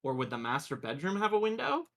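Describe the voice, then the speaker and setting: A man playing in a tabletop game, asking questions in a casual, animated way. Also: fairly high pitch, fast, creaky. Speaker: player. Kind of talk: casual chat.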